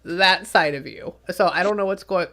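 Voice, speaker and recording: A woman's voice: fairly low pitch, normal speed, a bit bright. A woman working as a spiritual medium, talking in a chatty, rambling way full of fillers during a casual reading session.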